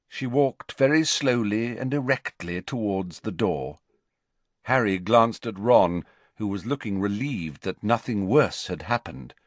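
A man reading an audiobook aloud as its narrator, expressive and measured in his storytelling. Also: medium pitch, dry recording. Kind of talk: scripted narration.

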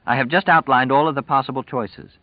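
A man voicing a sharp-tongued young pregnant woman, cool and sarcastic in her replies. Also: medium pitch, steady tone, brisk, dry recording, muffled recording, voice pushed up, close to an everyday voice. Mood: cutting.

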